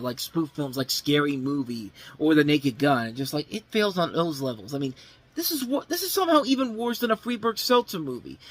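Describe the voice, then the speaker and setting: A man hosts a film review show, giving a casual, unscripted movie review that's blunt, sarcastic, full of free swearing, and rambling with frequent self-corrections. His voice is high-pitched and fairly bright with a breathy edge.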